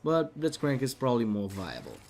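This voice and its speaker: A man calling a video game match by himself, chatty and lively, now and then talking straight to the players on screen. His voice is a little dry and rough from talking. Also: medium pitch, brisk, faint music behind. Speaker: game commentator. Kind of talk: solo esports commentary.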